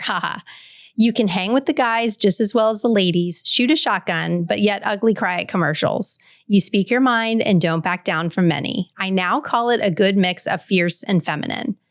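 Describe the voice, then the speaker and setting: A woman's voice: mid-range voice, dry recording, studio quality. A woman in her forties hosting a podcast, reading a heartfelt letter aloud and then reflecting earnestly to the listener. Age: 40s. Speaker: podcast host.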